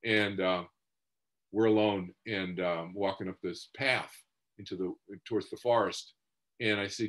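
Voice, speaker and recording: A man's voice: lowish voice, fairly even intonation, measured pace, fairly bright tone. A man giving a talk as a meditation teacher, telling a personal story in a conversational way, full of "you know" asides and restarts. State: moved to tears at points. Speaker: speaker on past-life memories and meditation teacher.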